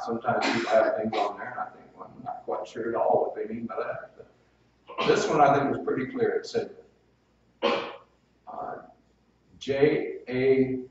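A man's voice: medium pitch, darkish tone, a little hiss or hum. A male preacher delivering a sermon in a folksy, conversational way, with personal stories and asides. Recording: very echoey, distant, dull hall sound.

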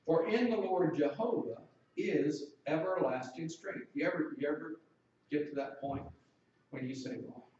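A man's voice: fairly high pitch, normal speed, darkish tone, very echoey, recorded from a distance, muffled recording, slight background noise. A man preaching a sermon in a conversational way, asking the congregation questions.

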